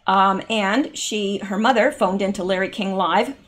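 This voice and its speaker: A woman's voice: medium pitch, fairly even intonation, measured pace. Chatty woman hosting a commentary channel. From Canada. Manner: chatty, with many fillers and asides. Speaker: channel host. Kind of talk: casual monologue commentary.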